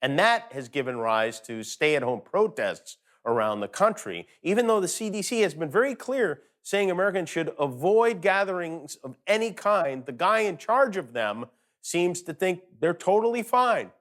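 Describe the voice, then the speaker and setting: A man's voice: high voice, sing-song, moderate pace, a bit bright. Sarcastic man delivering comedy monologue. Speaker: late-night host. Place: at home.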